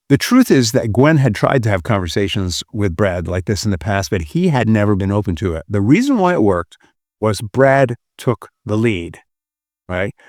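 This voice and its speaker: An earnest man with a fairly low voice tells a story to make a teaching point, leaning on key words for emphasis. He sounds like a relationship podcast host. The recording is dry, with no room sound. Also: darkish tone, no echo. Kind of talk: teaching through a retold story.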